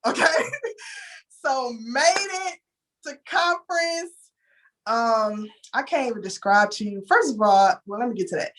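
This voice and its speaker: Young houston woman, kinda high voice, real open and emotional telling her story. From Houston, Texas. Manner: emotional, candid, addresses listeners as "y'all". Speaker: interviewee. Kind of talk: casual storytelling.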